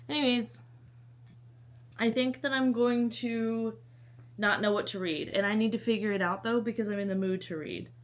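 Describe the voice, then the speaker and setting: Chatty young woman vlogging about books. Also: medium pitch. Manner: chatty, self-mocking, rambling asides. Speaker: book vlogger. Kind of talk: casual chat to camera.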